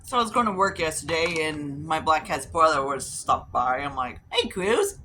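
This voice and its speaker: Chatty woman doing her makeup on camera, bright voice, rambles and swears a bit, faint hiss behind. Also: low-pitched, moderate pace. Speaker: beauty vlogger. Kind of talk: casual chatty storytelling while doing makeup.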